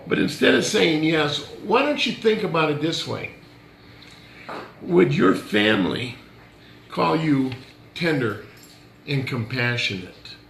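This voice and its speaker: A man's voice: medium pitch, gravelly, roomy sound, slight background noise. A male pastor giving a conversational sermon, joking and challenging his listeners directly.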